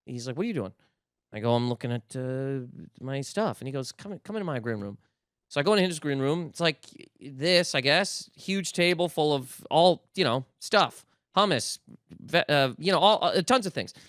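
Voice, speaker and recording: A man's voice: fairly high pitch, expressive, normal speed, a bit bright, no echo, clean studio sound. A young man from Nova Scotia, a guest comedian telling a story in casual podcast talk, acting out quotes and swearing freely. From Canada, Nova Scotia.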